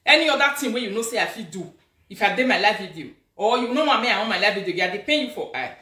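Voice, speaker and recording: A woman with a Nigerian accent hosting a live video as a social media influencer, talking in an animated, scolding, emphatic way. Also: mid-range voice, racing, far from the mic. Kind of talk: casual live-stream rant. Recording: echoey room, away from the mic.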